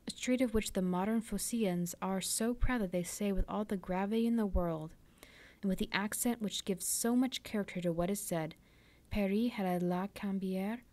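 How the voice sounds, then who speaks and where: A woman reading a classic novel aloud for a library storytime, softly and often near a whisper. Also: medium pitch.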